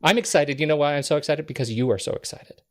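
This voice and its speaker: A man's voice: on the high side, fast. A man hosting a podcast, introducing the show and guest with upbeat, enthusiastic energy. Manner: upbeat, enthusiastic announcer delivery. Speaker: podcast host.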